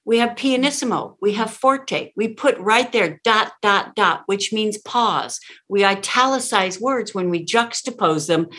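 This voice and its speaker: A woman's voice: mid-range voice, lively intonation, measured pace, hardly any pauses, sharp tone. A woman speaking coach talking in a conversation, emphatic and demonstrative, acting out how lines should be delivered.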